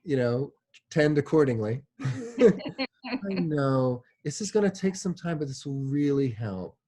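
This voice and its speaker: A man's voice: a little high, very animated, slow, mellow. A man giving a classroom lecture in a casual, chatty way, often checking in with "right?" and using many fillers like "like" and "you know". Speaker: instructor.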